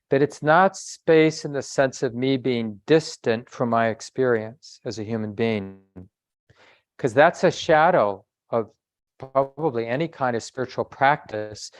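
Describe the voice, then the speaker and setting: A man giving a dharma talk as a meditation teacher, speaking in a reflective, conversational way with pauses and self-corrections. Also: mid-range voice, no echo.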